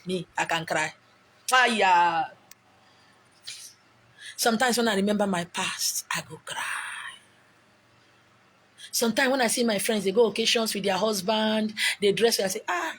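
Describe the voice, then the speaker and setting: A middle-aged Nigerian woman, accent clearly Nigerian, goes on at a moderate pace in a mid-range voice during her casual motivational live stream. She sounds emotional and a touch preachy, and the phone recording picks up slight background noise.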